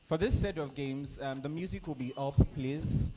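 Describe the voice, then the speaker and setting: Nigerian man hosting a lively hall event. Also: fairly high pitch, moderate pace, music in the background. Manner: lively, coaxing crowd and players. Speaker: event host. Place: conference hall. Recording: echoey hall with faint noise.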